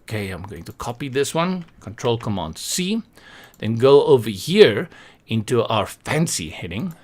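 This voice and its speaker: A man's voice: mid-range voice, very animated, a little slow, a little mellow. A man hosting a web design tutorial, talking casually over a screen recording with joking asides and a self-deprecating manner.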